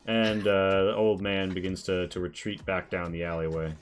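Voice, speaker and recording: Low-voiced male game master. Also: little pitch movement, faint music behind. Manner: casual, halting with many fillers. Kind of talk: narrating a tabletop game.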